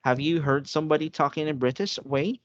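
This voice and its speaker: A man's voice: on the high side, a little fast, dry recording, dull audio. A man tutoring English in an online one-on-one lesson, patiently checking that his student understands.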